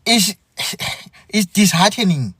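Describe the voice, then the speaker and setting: A man from Zimbabwe hosting a podcast, speaking an earnest, aggrieved monologue full of repeated phrases and halting restarts. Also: sits high, expressive, fairly bright tone, slightly rough, no echo, clean studio sound. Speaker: podcast host. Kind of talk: impassioned spoken monologue.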